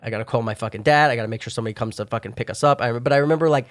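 A young man tells a rambling story in casual chat, cursing constantly and yelling out his own past lines. His voice sits at an ordinary middle pitch. The room sounds dry and close. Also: rapid-fire, dry recording. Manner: profane, rambling storytelling with loud acted-out shouts. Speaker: guest telling a story.

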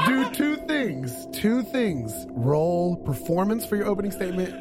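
A man's voice: sits high, big pitch swings, a little slow, over loud music. A man narrating a tabletop game as game master, playful and laughing often.

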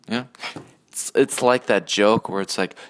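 A man with a lowish voice rants alone on his podcast. He swears freely, trails off, restarts, and drifts from one aside to the next with a sarcastic edge. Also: unhurried, smooth. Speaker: podcast host. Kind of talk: solo ranting monologue.

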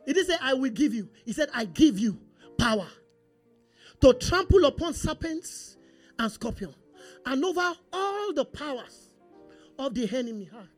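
High-pitched, animated preacher. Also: normal speed, pauses often, faint music behind. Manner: animated, repetitive call-and-response preaching. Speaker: pastor. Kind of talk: sermon.

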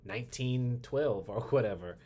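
A man co-hosting a podcast in casual chat, chatty and quick to laugh, swearing freely. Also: mid-range voice, warm tone. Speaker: podcast co-host.

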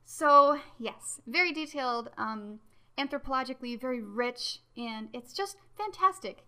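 A woman with a bright, forceful voice pitched a little high hosts a podcast in casual talk. She is animated and excitable and pokes fun at herself for being a nerd. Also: unhurried. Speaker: podcast host.

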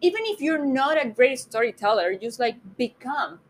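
A woman's voice: sits high, animated, moderate pace, a little hiss or hum. A woman in casual chat with her partner, teasing and reflective, with frequent fillers.

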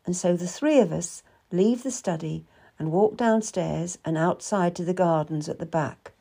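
Slow calm woman narrating a novel. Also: lowish voice, creaky. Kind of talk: first-person audiobook narration.

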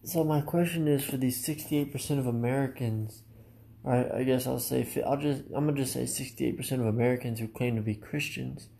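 A man's voice: medium pitch, steady tone, fairly quick, vocal fry, dark tone. A man preaching a sermon in an earnest, direct way, often addressing listeners as his friend.

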